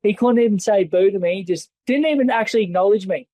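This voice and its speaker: A man's voice: high-pitched, quick pace, mellow, no echo, poor audio. An Australian man, a former fighter, telling stories in an interview in a blunt, rambling and heavily profane way. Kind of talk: casual interview storytelling.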